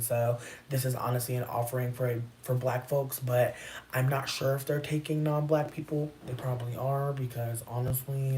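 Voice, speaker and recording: A vlogger in a loose stream-of-consciousness chat, telling stories in a profane, slangy way that keeps leaping up into high exclamations. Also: mellow, slight background noise.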